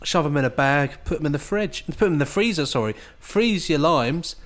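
A man's voice: fairly high pitch, animated, fairly quick, fairly bright tone. A man co-hosting a podcast, joking playfully in casual chat, often restarting his sentences. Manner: playful, jokey, hesitant restarts. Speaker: podcast co-host.

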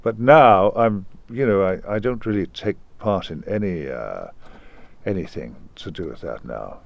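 Older man rambling in low tones. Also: animated, vocal fry, dry recording, muffled recording. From Liverpool, England. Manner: rambling, halting, many restarts. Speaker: guest actor. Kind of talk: reminiscing interview.

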